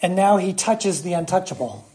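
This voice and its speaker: A preacher giving a sermon, speaking emphatically with long dramatic pauses and rhetorical questions to the congregation. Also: medium pitch, lively intonation, warm tone, husky.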